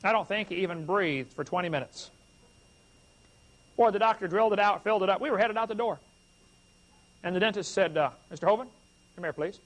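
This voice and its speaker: High-pitched guy preaching, folksy stories, jokey and animated, talks right to the folks. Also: a little fast, long pauses. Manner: animated, humorous, addresses the crowd directly. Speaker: evangelist preacher. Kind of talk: folksy storytelling sermon.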